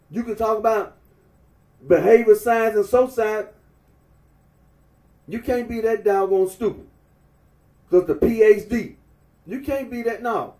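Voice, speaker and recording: A man's voice: high-pitched, warm tone. A man delivering a repetitive, emphatic, scolding rant to camera. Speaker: vlogger. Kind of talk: ranting monologue. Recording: echoey room, far from mic.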